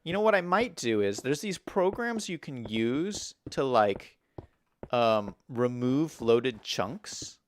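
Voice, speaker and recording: A man's voice: medium pitch, sing-song, slow, slight background noise. A man streaming a building game, chatting casually with viewers and thinking aloud as he builds, with an American accent and frequent laughs.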